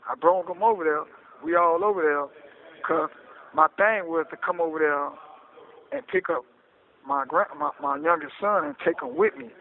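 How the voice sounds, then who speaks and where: A man telling his story in a casual interview, animated and often asking "you hear me?", heard over a phone line. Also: fairly high pitch, normal speed, gravelly. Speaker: interview guest recounting his case. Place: prison phone call.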